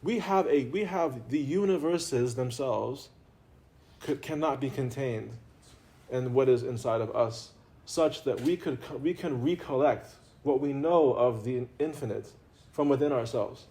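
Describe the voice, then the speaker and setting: Male religious teacher, warm mellow tone, playful conversational delivery with frequent laughs. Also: medium pitch, measured pace. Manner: conversational and playful, laughs often, repeats himself. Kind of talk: informal spiritual talk to a live audience.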